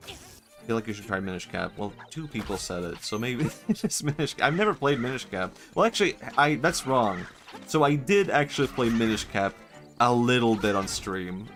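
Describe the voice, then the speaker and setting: A man with a fairly low voice rambles through a casual gaming stream, cracking jokes and laughing as he goes. He starts bits and drops them just as fast. Faint game music plays behind him. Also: a bit bright. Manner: rambling, jokey, laughs often, abandons bits.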